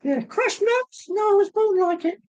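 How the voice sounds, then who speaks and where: A man doing a squeaky, very high-pitched impression of a cheeky male comedian, a little off-mic. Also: lively intonation, moderate pace, darkish tone, muffled recording.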